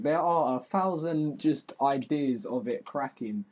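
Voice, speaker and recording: A man's voice: mid-range voice, expressive, measured pace, darkish tone, highs cut off. A teenage boy telling a rambling, self-mocking story for his vlog, full of fillers. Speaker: vlogger.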